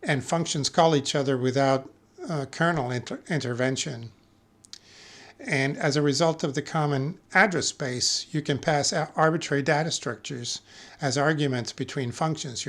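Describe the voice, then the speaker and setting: A man giving a technical lecture as a conference speaker, measured and careful, pausing often with fillers and correcting himself mid-word. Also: mid-range voice, fairly bright tone. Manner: measured, with frequent filler pauses and self-corrections.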